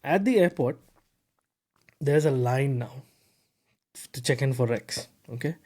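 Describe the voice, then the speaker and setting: A man hosting a tech podcast, telling a story in a lively, casual way with lots of fillers and repeated words. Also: medium pitch, a little slow. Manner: animated, repeats words, heavy fillers like "bro" and "you know". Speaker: podcast host.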